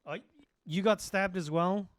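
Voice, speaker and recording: A man's voice: sits high, measured pace. A man doing in-character police roleplay in a game, talking hesitantly with many filler sounds. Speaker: police sergeant in a roleplay server.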